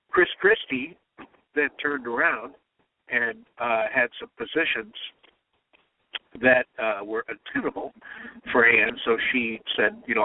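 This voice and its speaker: Man, animated storyteller, swooping pitch, tinny phone-line sound, dry. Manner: animated anecdotes with mimicked quotes. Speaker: comedy writer. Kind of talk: storytelling interview talk.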